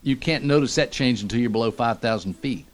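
A middle-aged man, a radio morning show host, telling a story in a lively, animated way. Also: medium pitch, fairly quick. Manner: animated storyteller, acts out quotes. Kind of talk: casual storytelling.

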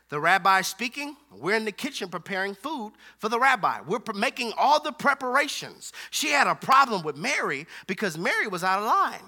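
A man's voice: high-pitched, sharp tone. A male preacher delivering a sermon in an emphatic, repetitive style. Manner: emphatic, repetitive preaching with a call-and-response feel.

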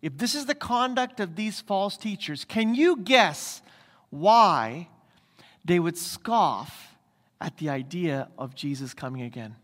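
Male pastor, emphatic sermon delivery, rhetorical questions, high voice, long church-hall reverb. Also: animated, slow, fairly bright tone.

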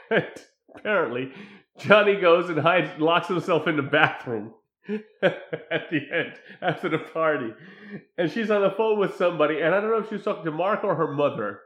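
A man in casual chat recapping a movie, animated and laughing as he acts out scenes. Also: fairly high pitch, moderate pace, muffled recording. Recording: echoey room.

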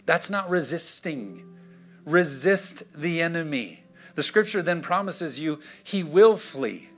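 A man's voice: on the high side, expressive, slow pace, a bit bright, soft background music. Emphatic man preaching a sermon. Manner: emphatic, punchy, call-and-response. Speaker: pastor.

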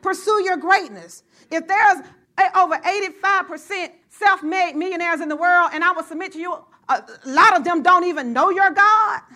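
A woman pastor preaching a sermon to her church, getting excited and rising to shouts as she calls out to the congregation. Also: extremely high pitch, normal speed.

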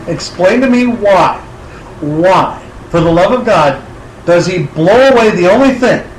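A man in casual movie-talk banter who swears a lot and breaks into loud, excited outbursts. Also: high voice, reverberant, a little hiss or hum, poor audio.

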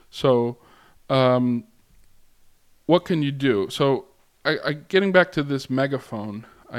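A middle-aged man speaking as a guest lecturer, his voice smooth and resonant at a medium pitch. He talks loosely and conversationally, restarting phrases and filling pauses with ums. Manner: conversational, with frequent fillers and restarts. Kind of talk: informal lecture.

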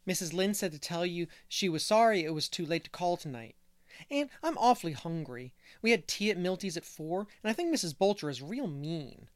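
A man's voice: sits high, animated, fairly quick, dry recording. A man voicing a chatty, cheerful little boy who talks bluntly, in a dry audiobook reading.

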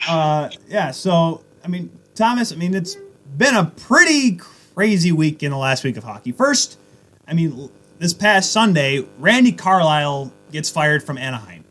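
A man's voice: a little high, very animated, moderate pace, fairly bright tone. A young man co-hosting a casual hockey podcast who rambles, laughs often and restarts his sentences. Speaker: podcast co-host. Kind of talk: casual sports chat.

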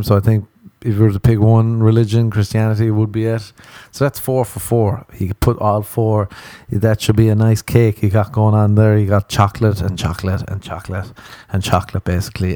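A man rants through a comedic podcast monologue, crude and sarcastic, swearing freely. His voice sits low and mellow. The sound is dry and close, with no room around it. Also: dry recording. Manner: crude ranting, profane, sarcastic. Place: Los Angeles home recording.

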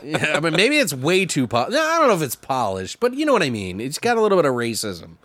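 A man's voice: a little high, wildly swooping pitch, fast talker, fairly bright tone, no room sound. A man co-hosting a casual podcast, swearing a lot and rambling through horror news, a bit tipsy. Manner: profane, rambling, jokey. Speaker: podcast co-host.

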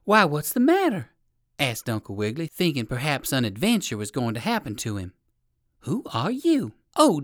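An expressive storyteller reading a children's tale with a playful touch. The voice swings widely in pitch, and the sound is dry and close. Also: no room sound. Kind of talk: scripted storybook narration.

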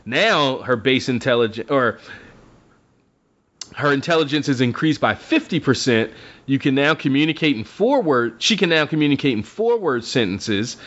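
A man talking casually as he recaps a book. He retells it with an animated, wide-ranging delivery and acts out characters' lines as he goes. The audio sounds dull and lo-fi. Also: medium pitch, moderate pace. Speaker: podcast co-host recapping a book. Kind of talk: casual chat.

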